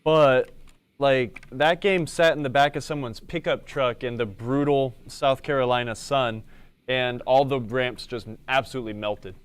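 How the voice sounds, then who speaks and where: A man hosting a live show, telling stories in a joking, animated way. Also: mid-range voice, a little slow, clean tone. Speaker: host. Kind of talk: casual chat.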